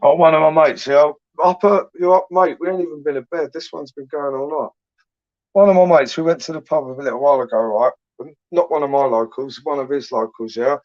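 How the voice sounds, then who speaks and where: A man's voice: a little high, steady tone, a little fast, no echo, dull audio. A young man hosting a late-night live chat stream, reading viewers' messages and bantering crudely in laddish slang. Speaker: livestream host reading chat.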